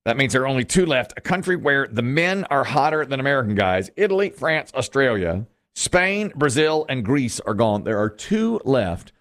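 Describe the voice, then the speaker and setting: Lively male game show host. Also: mid-range voice, moderate pace, hardly any pauses. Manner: upbeat, chatty, reads clues aloud.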